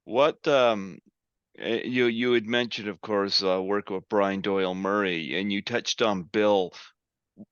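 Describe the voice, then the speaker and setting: Podcast guy, smooth voice, dry slightly dull mic, lots of ums and uhs. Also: on the low side, fairly even intonation, measured pace, a bit bright, no echo. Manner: rambling, fan-like, many fillers. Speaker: podcast host. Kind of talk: casual interview chat.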